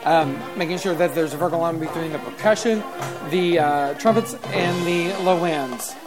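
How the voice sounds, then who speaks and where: A man giving live spoken feedback as a music judge, halting with many fillers and singing rhythms out as syllables. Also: a little high. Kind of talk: live spoken adjudication over a performance. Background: loud marching band music.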